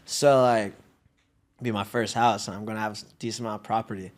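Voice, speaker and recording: A man's voice: lowish voice, steady tone, a little fast. A young man from the United States, a guest athlete in a casual chat, telling stories in a laid-back, slang-heavy way with easy laughs.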